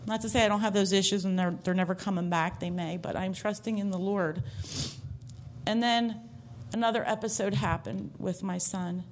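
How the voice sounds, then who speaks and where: A woman's voice: mid-range voice, fairly even intonation, moderate pace, slight background noise. A woman giving a heartfelt personal faith testimony to a church congregation, telling her story earnestly from the stage.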